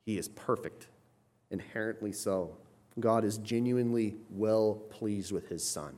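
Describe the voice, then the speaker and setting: A man delivers an expository sermon, explaining as he goes and often checking in with "right?" before building to loud, emphatic passages. His voice is on the low side and a little slow.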